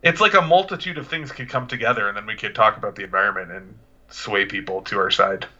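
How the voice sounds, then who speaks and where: Man, podcast co-host, very bright tone, dull lo-fi sound, casual rambling chat. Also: lowish voice, quick pace.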